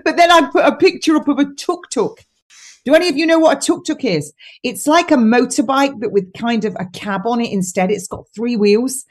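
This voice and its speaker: A British woman appears as a guest nutritionist on a casual podcast, her voice a little high and her pace brisk. She's chatty and mocking, laughing often while she tells stories.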